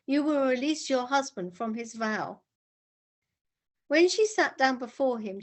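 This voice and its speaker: A woman with a high, light voice reads a story aloud to a class. Her delivery is measured and even, and she speaks each line steadily. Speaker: reader of a text.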